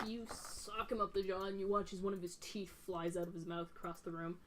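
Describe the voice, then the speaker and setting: A woman's voice: mid-range voice, steady tone, a little fast, noisy background. A young woman narrating as dungeon master in a casual, rambling way, full of fillers. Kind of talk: narrating a tabletop game.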